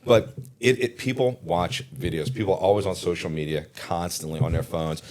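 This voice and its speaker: Easygoing low-voiced Louisiana broker. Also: male voice, brisk, darkish tone. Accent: South Louisiana. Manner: easygoing, self-deprecating, repeats words as he talks. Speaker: real estate broker, guest. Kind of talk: casual podcast chat.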